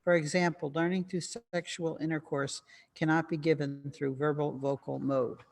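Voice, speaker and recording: A man reading a formal text aloud to a class in a steady manner. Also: fairly high pitch, moderate pace, gravelly.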